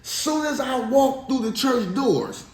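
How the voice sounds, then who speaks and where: A man telling his life story in a casual interview, animated and slangy, laughing as he goes. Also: very high voice, takes it slowly. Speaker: interview guest. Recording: echoey room, faint background noise.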